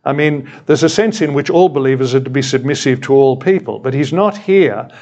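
A man's voice: mid-range voice, brisk, a little mellow, muffled recording. An Australian man in his sixties preaching a sermon in a conversational way, with wry humorous asides. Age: 60s. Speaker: retired senior minister, preacher.

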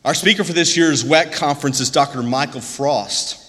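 A man, a seminary professor, giving an earnest, slightly halting formal introduction of a guest speaker in chapel. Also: fairly high pitch, fairly bright tone. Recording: chapel introduction with long hall reverb.

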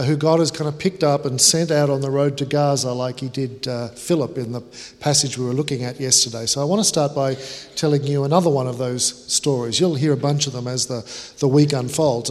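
Australian male guest preacher, conversational storyteller, big reverberant chapel. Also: fairly high pitch. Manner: chatty, self-deprecating, many restarts. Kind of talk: sermon with casual storytelling. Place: large chapel hall. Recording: chapel sermon with long hall reverb.

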